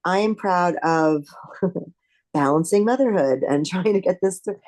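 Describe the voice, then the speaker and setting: Mother in support group, low voice, hesitant, video call. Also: a little slow, a little mellow. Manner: hesitant, with nervous laughs.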